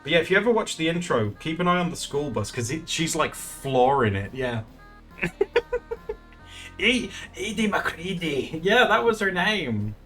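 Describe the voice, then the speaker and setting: A man's voice: a little high, very animated, fairly quick, few pauses, fairly bright tone, faint music behind. A man chatting casually while streaming his art, rambling and laughing often. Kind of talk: casual live-stream chat.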